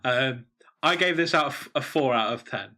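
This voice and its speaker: A young man co-hosts a relaxed chat, recapping plots in a lively, animated way. His voice is bright and a little sharp, pitched in the middle. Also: normal speed. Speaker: co-host. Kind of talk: casual chat reviewing shows.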